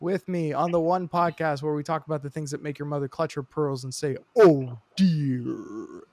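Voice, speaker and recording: A man's voice: a little high, level tone, fairly quick, a crowd in the background. A man in his thirties co-hosting a casual comedy podcast, laughing often and mixing mock-formal bits into loose chat. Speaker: podcast co-host.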